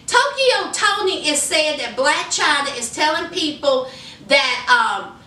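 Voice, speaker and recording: Woman vlogger, high bright voice, unhurried sassy gossip delivery, roomy sound from a mic set back. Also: distant mic. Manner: sassy, animated storytelling with "honey" and "y'all". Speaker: recap vlogger. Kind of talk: casual gossip recap. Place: indoor room under hot lights.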